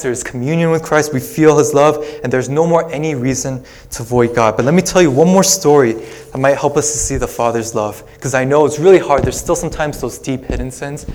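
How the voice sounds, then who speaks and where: Male pastor with a middle-pitched voice, telling a story in a relaxed, chatty sermon. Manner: conversational storytelling with casual asides.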